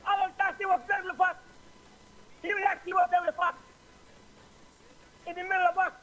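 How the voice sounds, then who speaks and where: A man's voice: very high voice, level tone, fairly quick, a bit bright, rough recording. A man with a Saint Lucian accent, calling in to a talk show and ranting angrily and repetitively about politics. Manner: angry, insulting, repetitive. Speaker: caller. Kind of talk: political rant on a call-in show.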